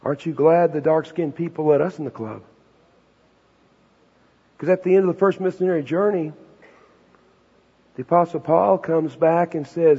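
High-voiced husky preacher man. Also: moderate pace, long pauses, mellow. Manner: emphatic, conversational preaching with rhetorical questions. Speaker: pastor. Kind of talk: sermon. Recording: dull, reverberant hall recording.

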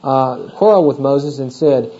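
Male pastor, mid-pitched and warm, working through scripture with asides to the congregation, dull lo-fi recording. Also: measured pace. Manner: conversational, asks the congregation questions. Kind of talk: expository sermon.

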